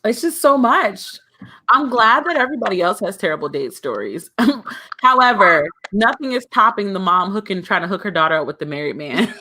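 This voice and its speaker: A woman's voice: medium pitch, animated, normal speed, pushed and bright. A woman co-hosting a podcast in casual chat, reacting expressively and laughing a lot. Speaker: podcast co-host.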